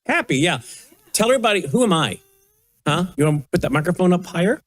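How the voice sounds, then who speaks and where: An older man, the host, gently coaxing and baby-talking with a small child at a studio news desk. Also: high voice, sing-song, quick pace. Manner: soft coaxing baby talk. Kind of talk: casual chat with a toddler on air.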